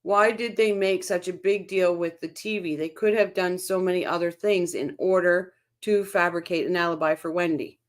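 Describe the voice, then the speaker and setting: A woman's voice: on the low side, steady tone, moderate pace, few pauses. A woman hosting a casual true-crime livestream, reading viewer comments aloud and reacting to them in a chatty way. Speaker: livestream host reading chat.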